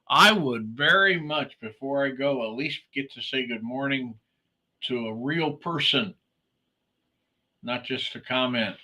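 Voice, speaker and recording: A man's voice: mid-range voice, sharp tone. A man hosting a casual morning livestream, chatting with viewers in a rambling way, full of fillers and restarts. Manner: greets commenters by name. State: sleepy, yawning. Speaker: livestream host.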